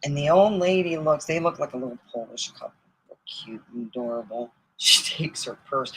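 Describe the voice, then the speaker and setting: A middle-aged woman from Michigan telling rambling comic stories, swinging between loud outbursts and mutters and laughing at her own jokes. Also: sits low, animated, moderate pace, slight background noise, low-quality recording. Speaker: comedy storyteller. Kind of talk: casual comic storytelling.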